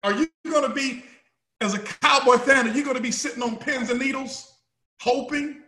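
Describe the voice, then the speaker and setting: A man founding a company gives an emphatic motivational speech to a live audience, repeating himself for effect and bursting into shouts. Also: extremely high pitch, steady tone, moderate pace, reverberant. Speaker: company founder speaking to his team.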